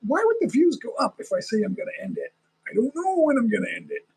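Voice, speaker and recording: A man's voice: very high voice, sing-song, fast, creaky, a little mellow, slightly rough, rough recording. A man chatting casually on a live stream, rambling and talking straight to his viewers. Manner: rambling, talks to viewers, chuckles often.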